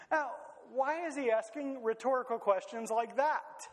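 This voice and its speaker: A man preaching a sermon in a lively, conversational way, full of rhetorical questions. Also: extremely high pitch, moderate pace, hardly any pauses. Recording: long hall reverb.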